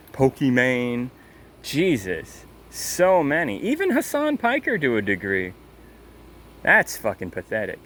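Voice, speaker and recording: A man's voice: mid-range voice, a bit bright. A man ranting in a casual, angry and mocking way, swearing often, with faint noise behind him. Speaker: commentator. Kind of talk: casual rant.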